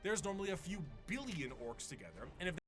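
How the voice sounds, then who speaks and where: Guy doing scripted explainer narration, kinda high voice, music playing under it. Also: sing-song, fast talker, a bit bright. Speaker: video essay narrator. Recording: narration over background music.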